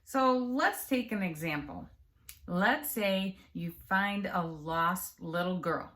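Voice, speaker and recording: A woman coaches the viewer in an unhurried, measured way. Her voice sits a little low, and she speaks calmly and encouragingly. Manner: calm, measured and encouraging, addressing the viewer directly. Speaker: health and empowerment coach. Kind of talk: direct-to-camera coaching talk.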